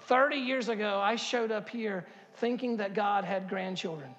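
Fifties male pastor, high-pitched and fervent, sanctuary with long reverb. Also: normal speed, lo-fi sound, faint music behind. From Harkers Island, North Carolina. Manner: builds to loud impassioned preaching, repeats words, asks the crowd questions. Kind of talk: sermon. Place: church sanctuary.

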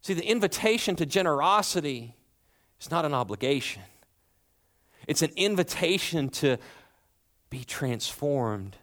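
A pastor in his thirties, his voice sitting on the high side, preaches a sermon in a church. He keeps it loose and conversational, with joking asides and sentences he restarts as he goes. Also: animated, a little slow, long pauses, fairly bright tone. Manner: conversational and playful, with humorous asides and frequent restarts.

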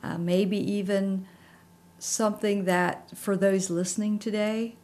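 A woman pastor co-hosting a faith talk show, speaking in a gentle, encouraging and reflective way. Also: medium pitch, flat delivery, slow. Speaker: pastor and co-host. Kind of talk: faith conversation.

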